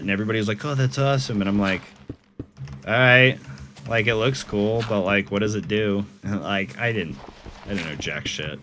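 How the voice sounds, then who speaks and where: A man's voice: fairly low pitch, pushed and bright, a little hiss or hum. A man streaming a game and chatting casually with viewers, laid-back, swearing freely and often laughing.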